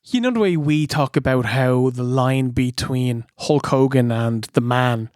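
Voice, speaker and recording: An Irish man co-hosting a comedic review podcast, animated, giggly and exasperated. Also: mid-range voice, unhurried, no room sound, studio quality. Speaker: podcast co-host.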